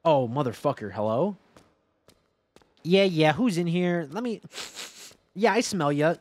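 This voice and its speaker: A man's voice: on the high side, lively intonation, a little slow, pauses often, a little mellow, dry recording. A man streaming a horror game live, gasping, yelping and swearing as he plays. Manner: jumpy, yelps and gasps, swears.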